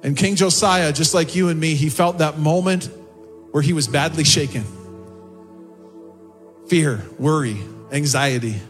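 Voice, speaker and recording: Male pastor, impassioned sermon delivery, high voice, faint music under. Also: unhurried, pauses often. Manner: impassioned preaching, rising in pitch on quotes and prayers. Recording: long hall reverb with faint music behind. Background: soft music.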